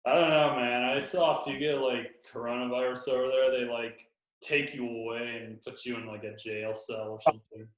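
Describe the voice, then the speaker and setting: A man's voice: mid-range voice, level tone, normal speed. Casual male podcast host, jokey and loose, recorded in a roomy space. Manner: laid-back, joking, lots of fillers. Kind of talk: casual chat.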